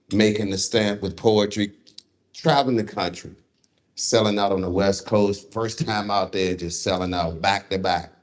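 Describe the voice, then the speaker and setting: A man's voice: lowish voice, a little hiss or hum. A man hosting a live poetry show, joking and teasing loosely as he hypes the crowd. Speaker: host.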